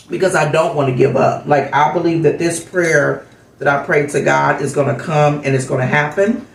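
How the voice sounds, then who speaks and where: A woman's voice: low-pitched, moderate pace, creaky, distant mic. A woman vlogger telling a heartfelt story in a casual, rambling way with lots of fillers, recorded off-mic in an echoey room. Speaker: vlogger host.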